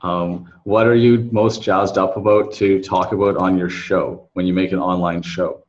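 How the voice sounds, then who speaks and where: A man's voice: sits low, little pitch movement, normal speed. A man interviewing a guest, hesitant, with short acknowledgments and thinking aloud. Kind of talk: casual interview talk. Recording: dull lo-fi audio with faint noise.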